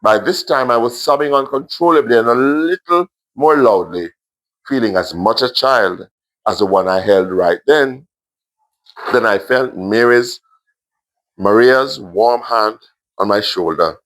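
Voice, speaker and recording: Jamaican guy reading a sad story to kids, lowish voice, gentle and feeling it. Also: measured pace. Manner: gentle, emotional reading with asides to the class. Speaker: author reading his story to schoolchildren. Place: primary school classroom.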